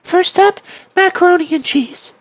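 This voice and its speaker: A woman's voice: very high voice, normal speed, no echo, rough recording. A woman voicing a perky, self-assured ghost girl with a chirpy, playful line reading, as a game character on a stream.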